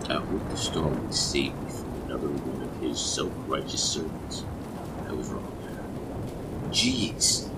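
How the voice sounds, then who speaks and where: A man narrating a scripted horror story in a low, hushed delivery. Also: gravelly, very noisy. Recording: distant mic under loud rain and thunder.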